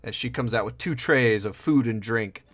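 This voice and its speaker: A man's voice: medium pitch, moderate pace, fairly bright tone. A man running a tabletop game, describing scenes loosely with many fillers. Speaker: game master.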